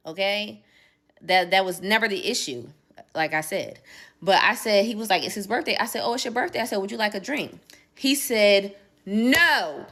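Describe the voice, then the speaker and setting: A woman's voice: medium pitch, fairly bright tone. A woman in her forties animatedly telling a personal story, emphatic and acting out the dialogue. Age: 40s. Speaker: social media poster. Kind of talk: casual storytelling clip.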